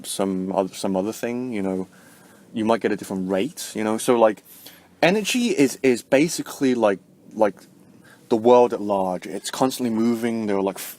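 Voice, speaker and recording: Lowish-voiced man rambling through ideas. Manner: rambling, heavy use of fillers like "like" and "right?"; swings sharply up in pitch and loudness to stress points. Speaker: spiritual vlogger. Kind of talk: casual spoken explanation to camera.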